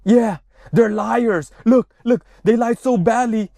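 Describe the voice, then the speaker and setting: A man's voice: very high-pitched, slow, dark tone, dry recording, pitched above the performer's own voice, heavily acted. A man voicing indignant, scoffing citizens, stammering and sputtering.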